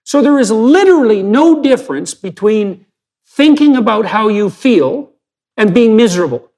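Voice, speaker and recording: Male podcast host, high gravelly tone, emphatic rhetorical delivery. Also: big pitch swings, moderate pace, a little mellow. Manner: emphatic, rhetorical, builds arguments step by step. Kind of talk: long-form podcast conversation.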